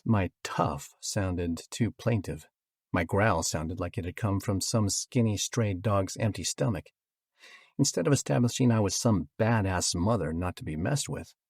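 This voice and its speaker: Male audiobook narrator, husky voice, dry studio sound, wry storytelling delivery. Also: low voice, no echo.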